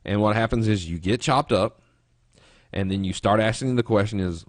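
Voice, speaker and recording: A middle-aged man with a low voice runs a trading lesson like a chat, spinning homespun stories. He rambles, restarts his phrases and tosses in quick asides. The recording is dry, with no room sound. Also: dry recording. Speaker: trading instructor. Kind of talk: webinar lesson with folksy storytelling.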